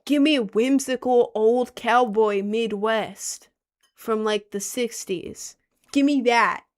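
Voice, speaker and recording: A woman's voice: a little high, slow. A young woman chatting casually on a vlog, rambling and unsure of herself, with lots of fillers and restarts. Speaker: vlogger.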